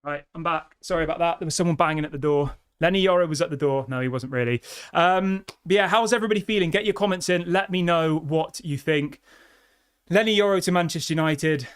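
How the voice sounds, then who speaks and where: A young man, hosting a live fan stream, chatty and excitable while reading out viewer comments. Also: fairly high pitch, fairly quick, smooth. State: out of breath. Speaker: fan channel host.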